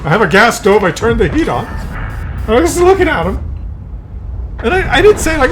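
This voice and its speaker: Guy vlogging, fed up and animated, lots of stop-start restarts, faint background noise. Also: very high voice, moderate pace. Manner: exasperated, animated, many restarts. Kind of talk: comic storytelling to camera.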